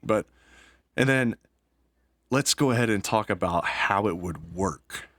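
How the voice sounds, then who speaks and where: A gaming YouTuber, an adult father of young kids, talks casually about a video game, rambling, stumbling over his words, and laughing at himself. His voice is fairly low and a bit bright, with lively intonation and an unhurried pace.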